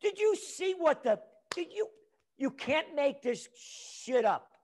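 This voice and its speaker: A man speaking as a guest trend forecaster in an interview, ranting angrily and profanely and breaking into shouts. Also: extremely high pitch, big pitch swings, takes it slowly. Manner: angry, profane, shouts in bursts. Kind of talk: heated interview rant.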